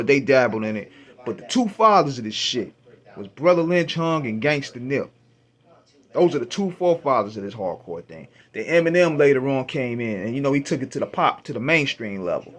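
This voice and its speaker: A man hosting a radio show, casually retelling his first listen to an album, with an animated, profane, laughing delivery. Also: medium pitch, normal speed. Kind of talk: casual storytelling album review.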